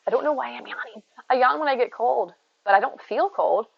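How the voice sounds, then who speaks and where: Streaming indoors from her home in the United States, a woman chats with viewers, addressing them by name and drifting between topics. She talks briskly with lively intonation and vocal fry in a slightly high voice. The recording is dry, dull, and lo-fi, like a basic stream rig.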